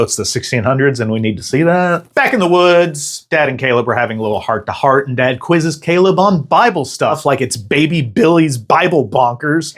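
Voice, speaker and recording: A man hosting a comedic movie recap, narrating the plot with sarcastic jokes. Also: mid-range voice. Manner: sarcastic, jokey. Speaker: host.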